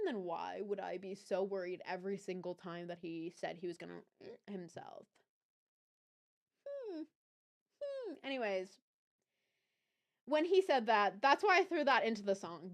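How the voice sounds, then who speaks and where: A young woman hosting a livestream with a Southern US accent, casually telling a personal story to her chat, chatty and animated, often correcting herself and laughing. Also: mid-range voice. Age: young adult. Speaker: livestream host.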